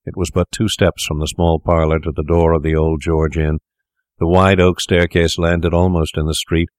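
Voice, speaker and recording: A man narrating an audiobook in a measured, deliberate way. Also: low voice, level tone, a little mellow, clear, resonant tone, dry recording, studio quality.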